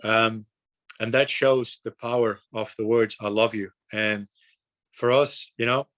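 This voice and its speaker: A young man from the Netherlands, a podcast guest telling a story in an earnest, relaxed way, with frequent fillers and repeated words. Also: medium pitch, slow. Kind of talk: casual storytelling.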